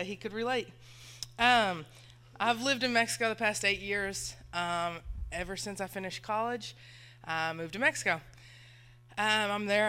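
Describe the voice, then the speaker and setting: A woman speaks to a church congregation. Her voice is bright and sharp. She talks in a nervous, chatty way and laughs often. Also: mid-range voice. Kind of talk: nervous personal testimony in church. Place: church sanctuary.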